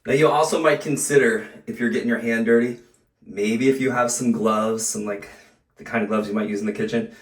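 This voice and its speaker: A man's voice: medium pitch, fairly even intonation, brisk, far from the mic. A middle-aged man doing a how-to demonstration, reassuring and joking as he coaches the viewer, a little out of breath from the effort. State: out of breath from exertion. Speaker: home repair video host. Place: bathroom. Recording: echoey bathroom, voice off-mic.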